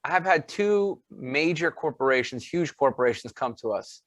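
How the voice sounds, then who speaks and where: A man's voice: a little high, animated, normal speed, fairly bright tone, no room sound. A man co-hosting a podcast, bantering and teasing in casual chat. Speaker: podcast co-host.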